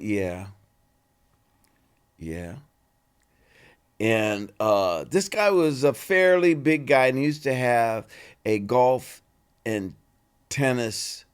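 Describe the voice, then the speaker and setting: Animated older man telling stories. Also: mid-range voice. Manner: animated, indignant storytelling. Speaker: actor guest. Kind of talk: storytelling interview.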